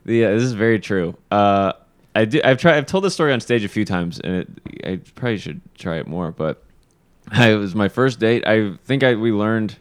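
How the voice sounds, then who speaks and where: Deep, smooth-voiced man telling a story. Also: no room sound. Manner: storytelling, self-deprecating. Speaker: podcast co-host. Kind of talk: casual chat.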